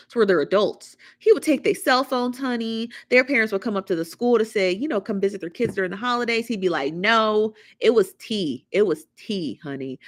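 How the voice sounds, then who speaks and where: A woman runs a casual livestream, reading comments aloud and gossiping with plenty of sass. Her voice sits on the low side, and she sprinkles in "honey" and "child" with the odd hushed aside. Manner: sassy and gossipy, calls viewers honey and child. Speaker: livestream host.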